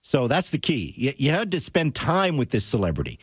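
A man's voice: mid-range voice, wildly swooping pitch, brisk, slightly rough, no echo. A man hosting a sports talk radio show, bantering with his co-host and reading out promos and listener texts. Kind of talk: casual radio chat.

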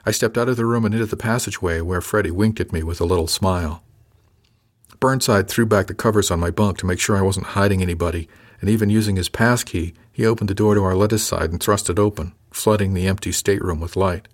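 A man's voice: low-pitched, fast talker. A man reading a first-person audiobook in a matter-of-fact way. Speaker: narrator.

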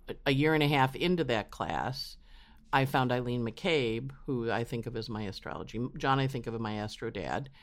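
A man being interviewed as an astrologer, telling his story casually and acting out quotes in animated voices. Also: medium pitch. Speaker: astrologer guest. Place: home in New York.

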